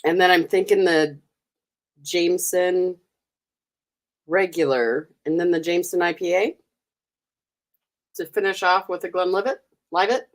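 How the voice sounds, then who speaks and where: A woman's voice: fairly low pitch, unhurried, pauses often. An American woman hosting a live stream, chatting casually with viewers, giggling and teasing them. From United States. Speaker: livestream host.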